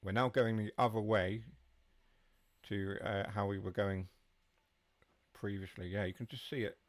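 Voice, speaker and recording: Low, dry-sounding male streamer, easygoing live commentary that drifts into replies to the chat. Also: steady tone, measured pace, no room sound. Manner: chatty, answers chat while driving. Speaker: game streamer.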